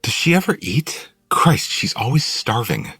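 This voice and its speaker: A man's voice: mid-range voice, very animated, a little slow, sharp tone, husky, dry recording, pitched above the performer's own voice, full character voice. A man reading an audiobook and voicing a blunt, curious woman who possesses another's body, lifting his voice to play her. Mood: musing.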